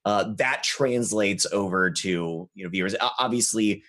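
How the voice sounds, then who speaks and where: Lowish guy on a panel, keeps agreeing and jumping in. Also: normal speed, a bit bright. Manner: agreeable, chiming in often. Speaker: streamer panelist. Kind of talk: casual panel chat.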